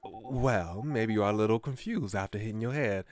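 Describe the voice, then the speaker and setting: Man voicing a smug dog god, low and lordly. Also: moderate pace, slight background noise, natural voice. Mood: dismissive. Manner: lordly, dismissive, bossy. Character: smug male dog god, haughty and condescending. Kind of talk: voicing visual novel dialogue.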